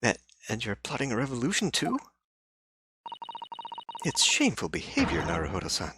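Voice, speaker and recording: Guy reading a prim earnest young woman, scolding, lively pitch. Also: moderate pace, vocal fry, background noise. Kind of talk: reading game dialogue aloud.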